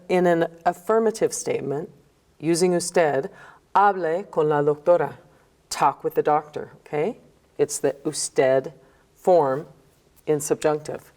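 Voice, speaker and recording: A woman's voice: deep voice, warm tone. A woman teaching a recorded grammar lesson, explaining step by step and checking in with "okay?". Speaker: Spanish teacher.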